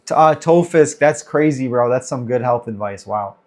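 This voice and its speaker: A man's voice: mid-range voice, lively intonation, normal speed. A man in his thirties hosting a casual livestream Q&A, chatting loosely and greeting viewers by name as he reads the chat. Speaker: livestream host.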